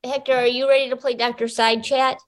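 Fairly high-voiced woman hosting. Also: flat delivery, brisk, low-quality recording. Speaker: host. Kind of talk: casual comedy podcast hosting.

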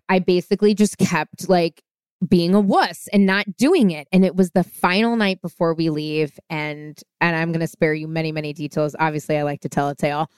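A woman guest on a podcast telling a long story in a casual, animated way, acting out the voices of people she quotes. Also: fairly low pitch, clear, resonant tone, no room sound, clean studio sound.

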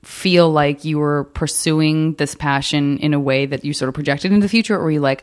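A woman's voice: sits low, fairly even intonation, brisk, hardly any pauses. A woman hosting a podcast, chatting casually and telling rambling stories with lots of laughter. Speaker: podcast host. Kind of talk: casual interview chat.

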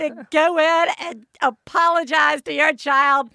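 A woman co-hosting a podcast, chatting casually in an animated, joking way with some swearing. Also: high-pitched, takes it slowly, gravelly, no room sound. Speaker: podcast co-host. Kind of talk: casual chat.

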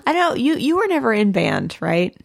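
A woman's voice: fairly high pitch, huge pitch swings, normal speed, gravelly. A woman co-hosting a comedy podcast, recapping a show in casual chat and laughing often. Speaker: podcast co-host.

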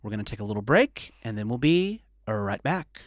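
A man's voice: on the low side, sing-song, normal speed, over music. Chatty man co-hosting a podcast. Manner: chatty, laughs easily, rambling. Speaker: podcast co-host. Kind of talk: casual chat.

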